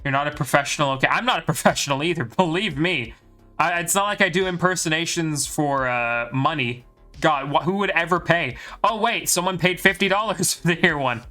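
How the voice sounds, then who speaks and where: A man's voice: a little high, brisk, pushed and bright, faint music behind. A man from Ireland with a light Irish accent, commentating a live game stream and joking with his viewers in a chatty, bragging way.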